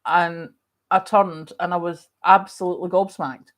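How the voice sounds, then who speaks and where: A middle-aged Scottish woman hosting a casual livestream, chatting and reading viewer comments, telling stories in a chatty, animated way while she has a lingering cough. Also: on the low side, unhurried. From Scotland. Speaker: livestream host.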